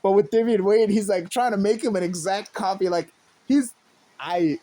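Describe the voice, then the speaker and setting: A man's voice: high-pitched, moderate pace, warm tone. A man hosting a podcast alone, talking casually and rambling with lots of fillers. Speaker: podcast host. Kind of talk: casual solo podcast commentary.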